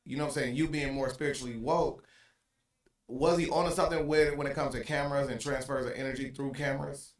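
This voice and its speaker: A man's voice: mid-range voice, fairly even intonation, quick pace. Laid-back male podcast host, echoey room. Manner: laid-back, slangy questioning. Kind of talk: casual interview questions.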